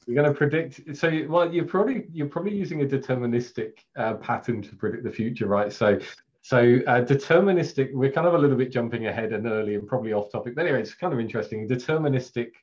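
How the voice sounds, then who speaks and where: A man's voice: medium pitch, a little mellow. Man, English accent, middle-aged, Scrum trainer, casual presenting, lots of ums, slightly muffled video-call sound. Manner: chatty, self-deprecating, laughs often, many fillers. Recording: slightly dull, lo-fi webcast audio.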